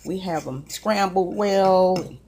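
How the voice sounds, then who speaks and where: A woman's voice: on the low side, takes it slowly, a little mellow, a little hiss or hum. A woman chatting casually to viewers while she cooks breakfast in her home kitchen, folksy and talkative. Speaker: cooking vlogger. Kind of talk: casual cooking chat.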